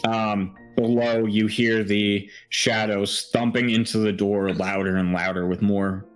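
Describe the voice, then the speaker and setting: A man's voice: on the low side, level tone, measured pace, faint music behind. A man narrating as game master of a tabletop horror game, often stammering and restarting his sentences.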